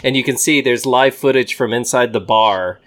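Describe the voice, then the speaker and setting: A man co-hosting a podcast, telling a story in a casual, animated and amused way. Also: mid-range voice, normal speed. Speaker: podcast co-host. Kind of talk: casual chat.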